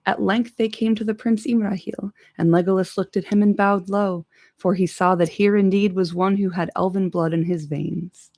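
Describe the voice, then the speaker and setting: Creaky-voiced woman reading with jokey asides. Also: medium pitch, steady tone, moderate pace, a little mellow, no room sound, studio quality. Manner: irreverent joking asides. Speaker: podcast reader. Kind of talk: casual audiobook reading with asides.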